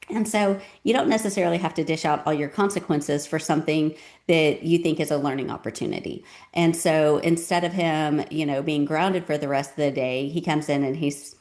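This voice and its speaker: A woman's voice: sits low, a little mellow. A woman giving parenting advice in a casual, conversational talk, often saying "um" and "you know.".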